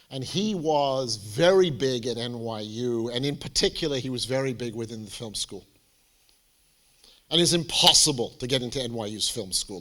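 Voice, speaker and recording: A man speaking as a college admissions adviser, giving a lively, theatrical presentation to students and parents. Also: medium pitch. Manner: animated, theatrical, jokey storyteller.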